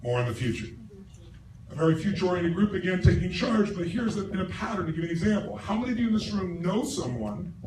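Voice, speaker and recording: A middle-aged man giving a live seminar speech to a large audience, forceful and profane, asking the crowd questions. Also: high-pitched, big pitch swings, fast talker. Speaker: motivational speaker. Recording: roomy stage recording from far off, noisy.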